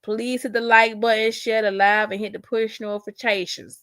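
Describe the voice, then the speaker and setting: A woman's voice: on the high side, flat delivery, moderate pace, a bit bright, smooth, no echo, clean studio sound. A young adult woman hosting a casual livestream, reading chat comments aloud with sassy drawling asides.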